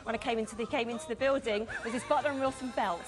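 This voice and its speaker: A woman's voice: fairly high pitch, fairly even intonation, very fast, over music, low-quality recording. A woman presenting on a shopping channel, chatty, reading out prices and item numbers. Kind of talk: television presenting.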